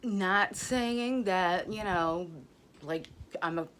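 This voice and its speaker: A woman's voice: on the low side, drawn-out words, fairly bright tone, a little hiss or hum. A middle-aged woman, a nurse, chatting casually to camera in a blunt, profane, joking way. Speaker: ER nurse vlogger. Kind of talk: casual vlog chat.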